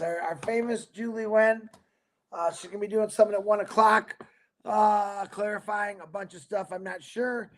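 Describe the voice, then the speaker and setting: A man from Michigan hosting a livestream, giving a rambling, energetic motivational talk to his viewers. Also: high voice, normal speed. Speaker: livestream host.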